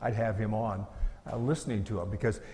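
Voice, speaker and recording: A man's voice: on the low side, steady tone, brisk, dark tone, big-room sound. A middle-aged male pastor preaching a sermon in an earnest, conversational way, asking his listeners rhetorical questions.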